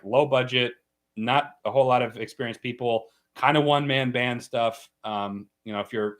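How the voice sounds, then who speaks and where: A man from the United States hosting a casual livestream, explaining at length with plenty of fillers and restarts. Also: mid-range voice. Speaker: livestream host.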